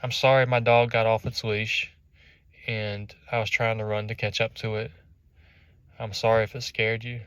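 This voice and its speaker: A man's voice: on the low side, little pitch movement, normal speed, fairly bright tone, clear, resonant tone, no echo, clean studio sound, natural voice. A man acting out a friendly, apologetic dog owner who speaks in an eager, raised voice.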